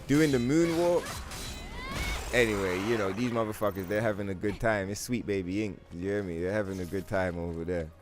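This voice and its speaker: Male streamer, lowish voice, loose profane rambling chat with viewers, soft music bed. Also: a little fast. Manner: talks to his chat. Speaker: livestreamer. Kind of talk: casual gaming stream chat.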